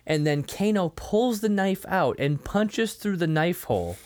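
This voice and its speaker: A man's voice: sits high, lively intonation, measured pace, darkish tone. A man co-hosting a casual movie review chat, laughing often and acting out quotes. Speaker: podcast co-host.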